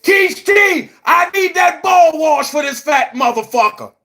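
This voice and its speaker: Brief: man, very high voice, angry profane commentary rant, frequent shouting, blunt and repetitive. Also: lively intonation, measured pace, creaky. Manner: blunt and emphatic, repeats phrases. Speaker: online commentary host. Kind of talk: heated vlog rant.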